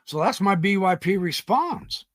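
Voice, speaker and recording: A man's voice: high voice, animated, a little slow, no echo. A man hosting his own reaction channel, talking emphatically and indignantly, often stumbling over the first words of a sentence. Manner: emphatic, stammering restarts, indignant.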